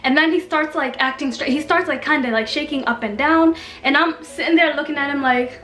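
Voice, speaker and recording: Animated high-voiced woman telling a story. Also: fairly quick. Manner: animated, slangy, self-mocking. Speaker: vlogger. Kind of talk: casual storytelling. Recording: echoey room with faint music.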